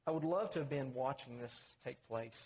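A man's voice: moderate pace, darkish tone, a little hiss or hum. A man preaching a conversational sermon, acting out the quotes he reads. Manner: conversational, acts out quotes with rising pitch.

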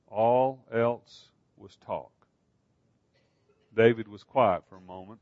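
A man narrating a book calmly, in a dull, dry recording. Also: on the low side, dry recording. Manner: slow, calm reading. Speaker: audiobook narrator. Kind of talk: scripted narration.

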